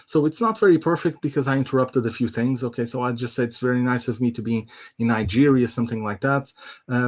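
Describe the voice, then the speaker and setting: A man presents a live online software demo. He explains loosely, with lots of fillers and restarts. His voice sits at an ordinary middle pitch. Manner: casual, filler-heavy explaining. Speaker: tech presenter.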